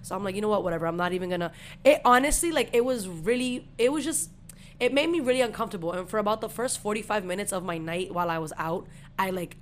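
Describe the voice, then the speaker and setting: A woman's voice: mid-range voice, a little hiss or hum. A young adult woman, hosting a podcast and telling a story in casual chat full of swearing. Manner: profane, animated storytelling. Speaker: podcast host.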